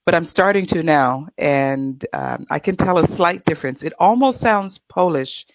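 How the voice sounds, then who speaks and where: A woman's voice: lowish voice, animated, moderate pace, a little hiss or hum, low-quality recording. A woman from California with a Californian American accent, an English tutor chatting upbeat and easily in an interview. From California, USA. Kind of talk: casual interview.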